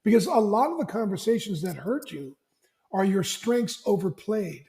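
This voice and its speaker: A man speaks as an interview guest, with a higher pitch than most men and a warm, soft timbre. He tells stories with plenty of restarts and plays out the dialogue of the people in them. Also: moderate pace, vocal fry. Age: older. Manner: animated storyteller who acts out family dialogue, frequent restarts. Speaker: executive coach, podcast guest. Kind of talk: conversational interview storytelling.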